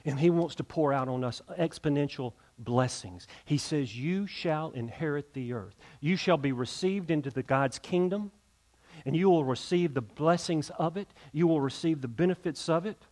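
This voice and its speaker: A man's voice: a little high, moderate pace, a little mellow. A male pastor, preaching a sermon and leading an invitation, earnest and emphatic, often repeating words as he builds.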